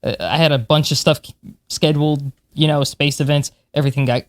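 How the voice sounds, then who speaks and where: A woman's voice: sits low, fairly even intonation, fairly quick, dry recording, clean studio sound. A woman in her forties, a podcast co-host and space historian, talking in an enthusiastic, chatty way. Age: 40s. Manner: enthusiastic, chatty, laughs often. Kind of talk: casual chat.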